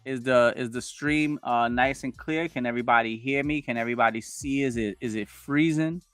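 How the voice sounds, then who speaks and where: Forty-something man hosting a lively livestream. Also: medium pitch, normal speed, clean tone, no echo, soft background music. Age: 40s. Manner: animated, reads chat comments aloud, hypes viewers up. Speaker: livestream host. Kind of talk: casual livestream chat with viewers. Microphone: home streaming setup with wired connection.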